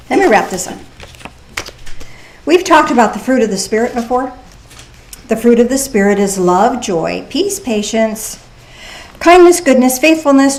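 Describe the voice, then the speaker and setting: A woman's voice: a little high, darkish tone. Woman preaching a chatty sermon. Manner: conversational, with playful asides and rhetorical questions. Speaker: pastor. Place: church service.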